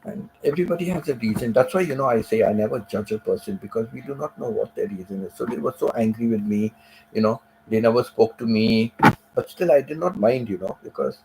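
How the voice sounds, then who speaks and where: A man on a live stream telling a personal story in a casual, emotional way, repeating phrases and filling pauses with "you know.". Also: medium pitch, creaky, darkish tone, a little hiss or hum, rough recording.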